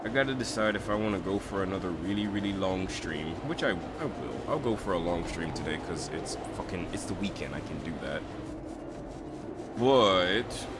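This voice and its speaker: A man streaming in a casual chat, excitable and retelling anime scenes with big voices. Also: low-pitched, fairly quick, hardly any pauses, very noisy.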